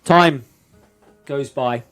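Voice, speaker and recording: A man's voice: medium pitch, extremely slow, fairly bright tone, soft background music. A man narrating a tabletop role-playing game as game master.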